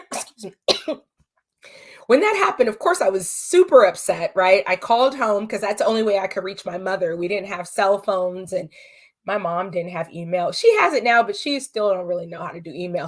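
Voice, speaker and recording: Podcast guest: a woman from California with a mid-range voice, earnest and emotional, recounting her own story. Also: medium pitch. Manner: earnest, emotional, quotes dialogue. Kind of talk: personal storytelling interview. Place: podcast studio.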